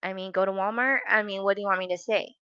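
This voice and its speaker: A woman's voice: mid-range voice, fairly even intonation, fast, fairly bright tone, smooth, no room sound, highs cut off. A woman giving sassy, mocking reaction commentary. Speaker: commentary youtuber.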